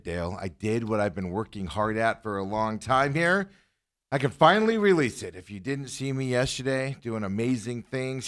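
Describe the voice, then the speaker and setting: Male sports talk host, bouncy pitch, jokey and chuckling. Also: fairly bright tone. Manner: joking, chuckling often, restarts. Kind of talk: casual sports banter.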